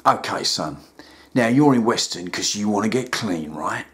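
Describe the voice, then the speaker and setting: A man voicing a gruff middle-aged London rehab counselor who talks down in a deadpan, patronizing way. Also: moderate pace. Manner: low, deadpan and patronizing, calls everyone son. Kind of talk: sketch comedy voice acting.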